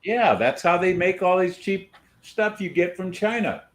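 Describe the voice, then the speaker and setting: A man's voice: sits high, animated, a little slow. A man hosting a podcast in casual banter, opinionated and rambling while chewing gum. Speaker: podcast host.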